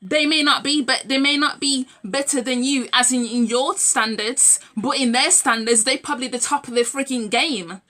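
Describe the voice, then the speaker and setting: Young adult woman vlogger, emphatic and heated, with a high, sharp voice. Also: normal speed, hardly any pauses. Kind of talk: direct-to-camera rant.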